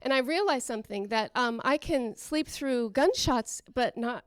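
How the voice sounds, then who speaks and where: A woman from Oakland doing a rambling, self-deprecating stand-up routine with halting restarts. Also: a little high, lively intonation, smooth, dry recording. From Oakland, California. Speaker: stand-up comedian.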